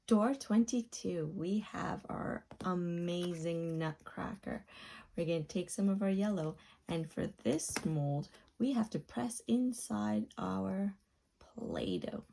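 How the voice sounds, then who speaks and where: A woman hosting a children's video, narrating playfully with gasps and wide-eyed excitement to a young viewer. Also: a little high, vocal fry. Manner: gasping, wide-eyed excitement, drops to a soft whisper at times. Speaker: children's educational video host.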